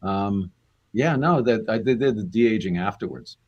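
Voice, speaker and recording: A man with a somewhat low, breathy, husky voice tells long stories as a guest in a casual interview. He restarts his sentences often and fills the gaps with "uh" and "you know". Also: expressive, normal speed, highs cut off. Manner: rambling anecdotes with many restarts and fillers.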